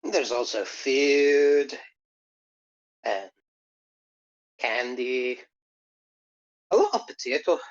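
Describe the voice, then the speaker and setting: A woman's voice: very deep voice, expressive, extremely slow, pauses often, lo-fi sound. A woman chatting and joking with friends while they play a game. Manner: laughing, puts on an exaggerated Irish accent in bits. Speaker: player. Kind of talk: casual group chat while playing a game.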